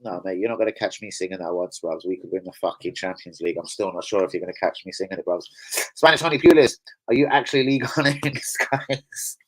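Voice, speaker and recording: A young man hosts a casual live stream, chatting loosely, swearing, laughing a lot and answering chat. His voice is deep and his pace quick, and the audio is poor.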